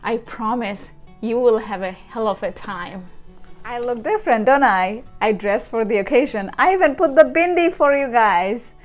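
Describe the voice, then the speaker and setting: A woman's voice: on the high side, normal speed, soft background music. A young woman vlogger from India telling a story straight to the viewer, acting out little quoted voices as she goes. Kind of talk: storytelling to camera.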